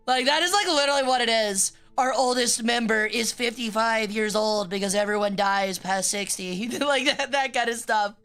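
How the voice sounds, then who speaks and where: Young woman streamer, rambling jokey chat, crisp tense tone, faint music under her. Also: fairly high pitch, fairly bright tone. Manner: rambling, joking, swears freely.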